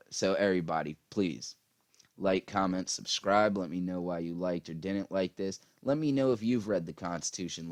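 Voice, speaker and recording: A man's voice: deep voice, no echo, studio quality. A man ranting casually about politics, profane and rambling with lots of fillers, tired after a long day. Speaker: political commentary vlogger.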